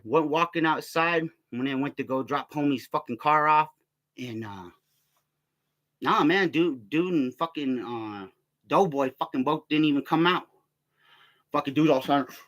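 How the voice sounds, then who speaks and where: A man's voice: mid-range voice, normal speed, fairly bright tone. A young man ranting casually to his viewers, rambling and swearing heavily, and mimicking other people in raised voices as he tells stories. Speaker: vlogger. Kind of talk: casual rant to camera.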